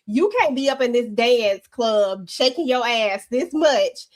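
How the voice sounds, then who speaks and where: A woman's voice: fairly high pitch, animated, unhurried. Chatty woman recapping a TV show. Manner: candid, rambling commentary with slang. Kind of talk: casual TV recap chat.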